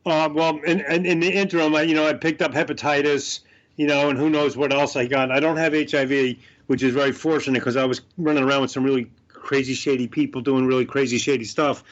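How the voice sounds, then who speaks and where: A man's voice: medium pitch, steady tone, fast, highs cut off. A middle-aged man, a guest on a podcast, talking passionately in a rambling way with lots of fillers. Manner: impassioned, rambling, many fillers. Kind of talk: casual interview chat.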